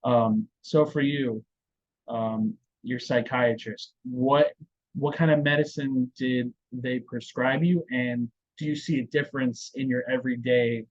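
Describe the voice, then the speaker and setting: Man, middle pitch, podcast host, measured and hesitant, dull lo-fi sound. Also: fairly even intonation. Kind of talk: conversational interview.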